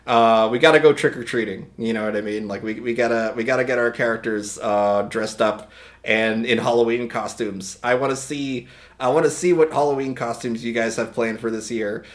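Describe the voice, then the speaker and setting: A man hosting a livestream, talking casually and rambling with many restarts, his voice a little hoarse today. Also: mid-range voice, fairly even intonation, normal speed. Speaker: livestream host. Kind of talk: casual stream chat.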